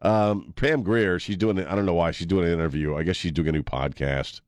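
A man's voice: low voice, steady tone, brisk, no echo, studio quality. A man hosting a talk radio show, joking and laughing in a laid-back way. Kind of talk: casual talk radio banter. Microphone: studio mic.

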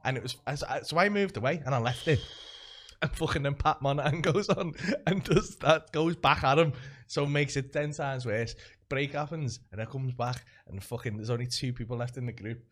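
A man's voice: mid-range voice, a little fast. Work as a male comedian hosting a podcast, telling a long anecdote in a loose, rambling, heavily sweary way full of restarts. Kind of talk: casual chat, storytelling.

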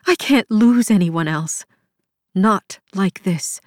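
A woman's voice: medium pitch, takes it slowly, no echo, studio quality, lightly acted. A woman voicing an anguished, guilt-stricken young woman in an audiobook, pleading through sobs and slipping into whispers. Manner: sobbing, pleading, breaks into whispers. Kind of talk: audiobook character voice.

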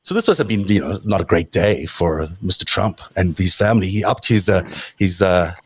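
A man's voice: low voice, lively intonation, brisk, husky, dry recording. A man hosting a casual political panel chat, talking in a hesitant way with many restarts. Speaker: host.

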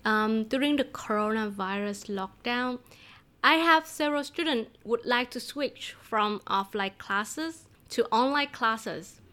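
A woman's voice: a little high, a little slow, sharp tone. A woman from Vietnam who teaches Vietnamese, speaking English with a Vietnamese accent as a native Vietnamese speaker. She talks in a chatty way, laughs often and restarts phrases as a podcast guest. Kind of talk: conversational podcast interview.

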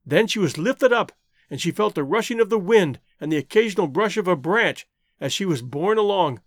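A male audiobook narrator with a high, animated voice that rises and falls dramatically through the story. The read is close and dry, with no room sound. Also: moderate pace, no echo.

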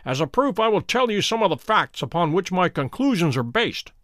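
A man voicing a cool, precise, commanding detective in a dramatic audiobook reading, calm, measured and authoritative. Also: high voice, no echo, studio quality. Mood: stern.

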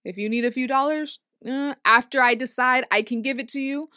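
A young woman talking as a guest in a casual studio chat, telling stories in a quick, chatty way. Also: high voice, steady tone, pushed and bright, smooth, dry recording.

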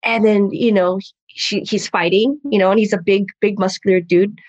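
A woman's voice: mid-range voice, steady tone, normal speed, darkish tone, no room sound, dull audio. A young woman in casual chat, a jiu-jitsu fighter telling stories and acting out her mother's voice, laughing often. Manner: chatty storyteller, acts out her mom's voice, laughs often.

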